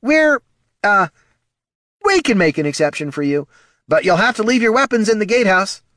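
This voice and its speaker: A man's voice: high-pitched, lively intonation, normal speed, a bit bright, dry recording, studio quality, pitched above the performer's own voice. A man doing a blustering young guard. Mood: flustered. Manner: boastful then flustered, stammering. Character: nervous young male fort guard, blustering.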